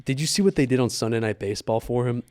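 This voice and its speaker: A man's voice: medium pitch, fast talker, a little mellow, clear, resonant tone. Young guy telling stories on a podcast. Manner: storytelling, trailing "bro" and "dude". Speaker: podcast co-host. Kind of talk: casual chat.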